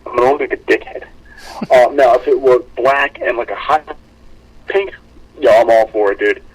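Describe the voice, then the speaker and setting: A young man co-hosting a podcast in casual chat, telling an animated story, swearing freely and acting out what his friends said. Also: medium pitch, normal speed, slightly rough, poor audio. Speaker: podcast co-host.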